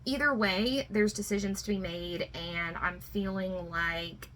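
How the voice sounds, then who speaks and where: A woman's voice: mid-range voice, fairly even intonation, unhurried, fairly bright tone, a little hiss or hum, poor audio. A woman giving a spiritual tarot reading to viewers, emotional and reassuring, often fighting back tears, with many fillers. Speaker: tarot reader.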